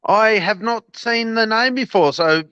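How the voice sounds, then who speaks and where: A woman co-hosting a live stream, relaxed and laughing easily. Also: fairly high pitch, a little slow, clean tone, lo-fi sound. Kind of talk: casual live-stream chat.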